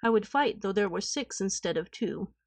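A woman's voice: mid-range voice, expressive, moderate pace, creaky, no echo. A woman voicing a humble, steadfast young knight in a storybook reading. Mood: resolute. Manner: earnest, resolute.

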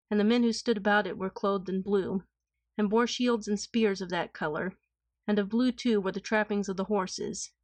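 A woman narrating an old knightly tale in a steady, even storybook reading. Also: mid-range voice, dry recording.

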